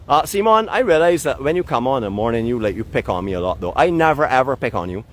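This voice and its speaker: A middle-aged man from Barbados with a Barbadian accent, hosting a live walking tour, chatty and playfully teasing his viewers. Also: mid-range voice. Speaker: vlog host and walking guide. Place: outdoors by a seaside port in a town.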